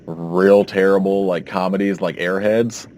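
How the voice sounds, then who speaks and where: A man's voice: low-pitched, fairly even intonation, unhurried, darkish tone, slight background noise. A man co-hosting a podcast in casual chat, rambling and hesitant as he recalls things. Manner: rambling, hesitant, full of "like" fillers. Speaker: podcast co-host.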